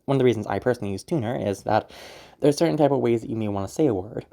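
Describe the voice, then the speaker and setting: A woman's voice: very deep voice, rapid-fire, vocal fry, warm tone. A woman explaining voice acting technique in a casual, rambling tutorial, often repeating herself as she goes. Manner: chatty, explanatory, rambling with many "again"s. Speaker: voice acting teacher.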